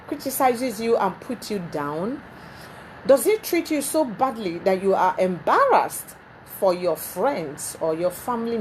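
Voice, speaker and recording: A woman hosts a talk show from a TV studio. Her delivery is emphatic and animated, and she often repeats words as she presses her points. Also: mid-range voice, slight background noise.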